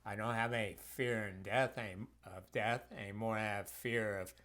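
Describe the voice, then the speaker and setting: Man, somewhat low voice, health practitioner, reflective storytelling, casual fillers. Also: steady tone, normal speed, fairly bright tone. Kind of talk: personal storytelling in a course video.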